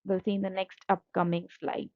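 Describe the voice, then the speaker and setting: A woman's voice: medium pitch, little pitch movement, fairly quick, no echo. A woman teacher, explaining slides patiently and repeating points, with fillers. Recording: dull lo-fi dry audio.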